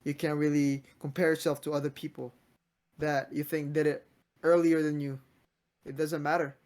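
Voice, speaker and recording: A young man in his twenties with a somewhat high-pitched voice hosts a relaxed podcast chat. He talks in an earnest, motivational way, tripping over and restarting his sentences as he goes. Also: moderate pace. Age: 20s. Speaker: podcast host.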